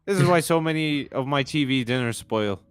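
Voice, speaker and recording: A man's voice: mid-range voice, animated, fairly quick, clear, resonant tone, faint music behind, close to an everyday voice. A man voicing a bumbling, self-important police officer, reading game dialogue with indignant bluster. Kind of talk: game dialogue read aloud.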